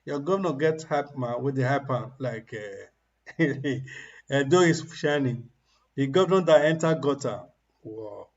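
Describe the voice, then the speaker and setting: A man's voice: medium pitch, moderate pace, darkish tone, lo-fi sound. Mocking man ranting on a stream. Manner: mocking, ranting, laughs at his targets. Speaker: political commentator. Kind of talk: livestream commentary.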